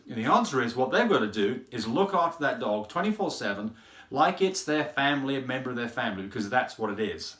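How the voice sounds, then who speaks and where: Man, dog breeder, casual rambling talk, repeats words, mid-pitched voice, echoey room. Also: animated, a little fast, a bit bright. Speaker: French Bulldog breeder. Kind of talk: casual explanatory talk to camera. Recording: roomy echo.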